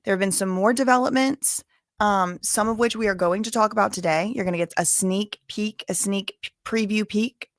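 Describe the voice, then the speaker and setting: A woman's voice: medium pitch, moderate pace, no room sound, studio quality. A woman from Louisiana with a Cajun accent, chatting in a rambling, casual way as she hosts a live stream full of asides and filler words. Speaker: livestream host. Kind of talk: casual livestream chat.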